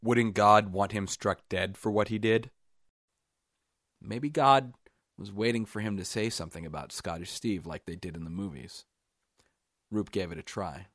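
A man narrates his own short story in a calm, measured audiobook reading. His voice sits very low, and the recording is dry with no room echo.

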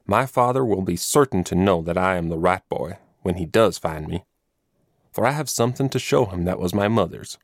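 A man's voice: low voice, animated, moderate pace, dry recording, clean studio sound. A man voicing an earnest, eager young drummer boy in a storybook reading, raising his voice for the child. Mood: hopeful.

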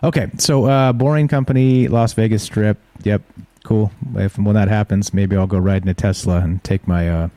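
A man's voice: on the low side, fairly even intonation, moderate pace, warm tone, no room sound. A man hosting a casual live stream, reading news headlines aloud and adding offhand asides. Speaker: show host.

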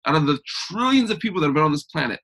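A man guest on a podcast interview, talking in an energetic, emphatic, motivational way. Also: a little high, racing, husky. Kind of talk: conversational interview.

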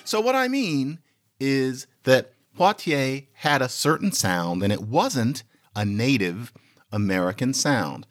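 A podcast host in lively, chatty commentary, explaining a point to listeners. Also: male voice, medium pitch, takes it slowly. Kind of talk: lecture-style commentary.

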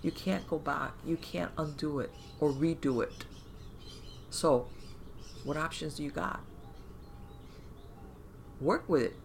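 A woman podcast host giving conversational advice, animated and talking in loose run-on phrases full of fillers, often acting out inner voices. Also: low voice, slow, creaky, pauses often, a little hiss or hum. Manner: animated, acts out inner voices and quoted thoughts.

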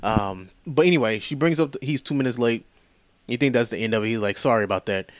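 Talking fast in a medium-pitched voice, this male podcast host walks through a movie plot in a loose, profane, rambling way, acting out quoted lines with lively energy. The sound is dry.

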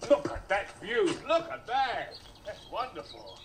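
An actor playing a pedantic, brisk English man who points out numbered sights, in a naturalistic film. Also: sits high, wildly swooping pitch, slight background noise, full character voice. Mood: lecturing.

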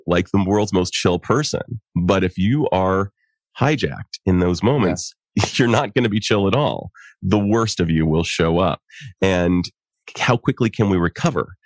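A middle-aged man, a psychologist and coach, explaining things in an animated way and laughing often during a conversation. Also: low-pitched, no room sound, studio quality. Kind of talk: conversational podcast interview.

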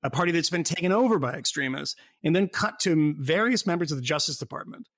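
A man's voice: a little high, lively intonation, quick pace, a bit bright, no room sound, clean studio sound. A man in casual political chat, rambling and sardonic, often breaking into laughter.

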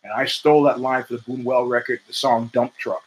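An older man hosting his own show, talking in a rambling, profane, animated monologue full of stories. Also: mid-range voice, brisk. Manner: profane, rambling, animated storytelling with acted quotes. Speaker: podcast host. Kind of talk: casual monologue.

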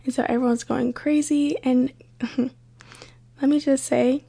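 A young woman hosts her own podcast and tells stories in a light, chatty, easygoing way. Her voice sits a little high and sounds husky and breathy, with some vocal fry at the ends of phrases. She speaks close to the mic. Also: fairly even intonation, slow pace, long pauses, dark tone. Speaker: podcast host. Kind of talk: casual solo podcast storytelling.

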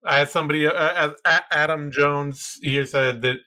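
A young man co-hosting a podcast, talking in quick, excited, rambling bursts. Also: a little high. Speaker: podcast co-host. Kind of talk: casual podcast chat.

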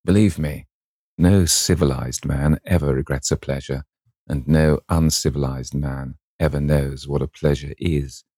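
A man's voice: rumbling low, fairly even intonation, measured pace, warm tone, breathy edge, no echo, studio quality, full character voice. A man voicing a worldly, cynical aristocrat in a storybook reading, with a languid, drawling manner.

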